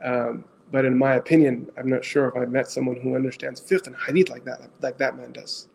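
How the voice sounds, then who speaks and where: A middle-aged man, an Islamic scholar with as his tongue, tells stories to an audience in an animated way, asks his listeners questions and mixes in phrases. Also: medium pitch, a little fast, gravelly, a little hiss or hum. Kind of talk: storytelling talk to an audience.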